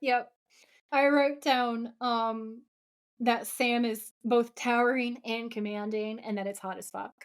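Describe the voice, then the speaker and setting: A woman's voice: on the high side, takes it slowly. A woman co-hosting a podcast, animatedly recapping a TV episode in casual chat and acting out the characters' lines as she goes. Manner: animated, acts out the characters' lines while retelling scenes. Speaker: podcast co-host.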